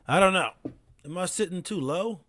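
Male podcast host, slightly high voice, loose and rambling, profane jokes, dry close sound. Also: expressive, normal speed, sharp tone, no room sound. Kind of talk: casual solo podcast chat. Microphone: studio mic on camera.

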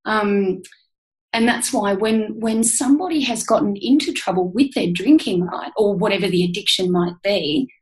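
A woman's voice: mid-range voice, normal speed, poor audio. Earnest Australian woman, podcast guest. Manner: earnest, heartfelt, emphatic. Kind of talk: candid interview talk.

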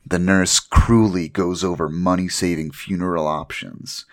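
A man's voice: low voice, steady tone, unhurried. A man on a casual podcast, recapping a story in a loose, joking way, laughing often and swearing. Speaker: podcast host recapping an anime. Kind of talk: casual chat.

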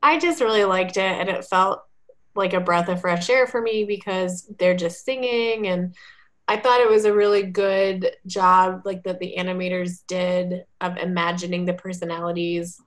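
A woman's voice: fairly low pitch, steady tone, normal speed. Chatty woman with many fillers. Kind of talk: casual chat.

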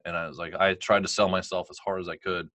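A man's voice: low-pitched, flat delivery, fast talker, sharp tone, dry recording. A man in his thirties, a guest telling a candid, rambling life story with frequent laughs.

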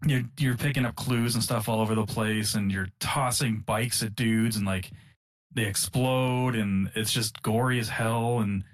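A man's voice: lowish voice, fairly even intonation, measured pace, a little hiss or hum. A man co-hosting a casual gaming podcast, rambling and filling his talk with "like" and small chuckles. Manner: rambling, full of fillers and chuckles. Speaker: podcast co-host. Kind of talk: casual chat about video games.

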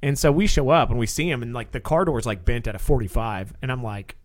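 A man who works as a police officer tells stories in relaxed conversation, talking quickly and acting out the people in them. His voice sits at an average pitch. The sound is dry and close to the mic. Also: no room sound. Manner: animated storyteller acting out quotes. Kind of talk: casual storytelling chat.

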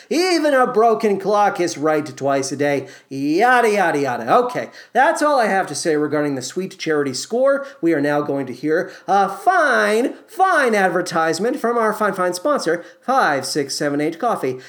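A man hosting a solo musical-theater review podcast, wry and opinionated. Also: sits high. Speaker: podcast host.

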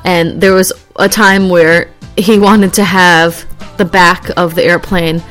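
A woman vlogger talking casually in a chatty, rambling way, laughing easily and getting animated as she acts out little scenes. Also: fairly low pitch, takes it slowly, soft background music. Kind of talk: casual chat.

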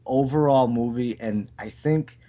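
Male podcast co-host, mid-pitched, relaxed, profane buddy talk. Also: unhurried. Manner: laid-back, swears, says "dude" a lot. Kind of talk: casual movie review chat.

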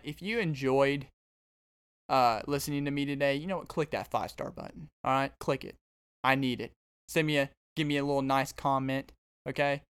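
A man's voice: mid-range voice, fairly bright tone, clean tone. A man hosting his own podcast as a stand-up comedian, rambling and joking straight to his listeners. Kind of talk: casual comedic monologue.

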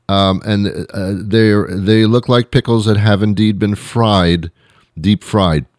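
A man's voice: fairly low pitch, fairly even intonation, takes it slowly, dry recording, studio quality. Rambling comic male storyteller. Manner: rambling, self-mocking, frequent restarts.

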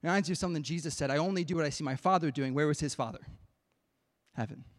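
A male pastor preaching a sermon, telling a personal story with strong emotion, swinging between hushed pleading and loud, intense passages. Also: on the high side, fast.

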